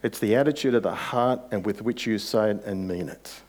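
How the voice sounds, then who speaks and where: A man's voice: fairly low pitch, brisk, darkish tone. A man preaching a sermon as pastor, conversational, with rhetorical questions and rising emphasis.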